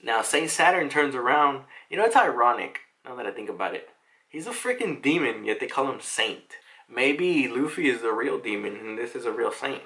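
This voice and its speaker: A man's voice: medium pitch, lively intonation, normal speed, bright, forceful tone. A young man casually recapping a comic chapter, chatty and laughing, with frequent swearing. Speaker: manga reaction youtuber.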